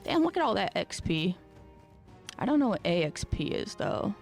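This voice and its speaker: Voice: medium pitch, sing-song, normal speed, gravelly, faint music behind. A streamer giving casual let's-play commentary, thinking aloud and muttering with some offhand swearing.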